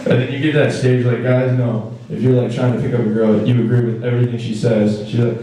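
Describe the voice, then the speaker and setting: A man's voice: mid-range voice, steady tone, warm tone. Young man, stand-up comedy, rambling delivery, roomy echoey hall, heard from a distance. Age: young adult. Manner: rambling, acts out characters in quick put-on voices. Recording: echoey hall, mic far off.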